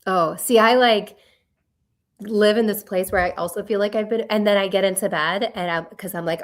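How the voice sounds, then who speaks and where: A woman in her forties co-hosting a podcast, telling stories in an animated way and acting out her own quotes. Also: mid-range voice, moderate pace. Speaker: podcast co-host. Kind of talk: casual chat.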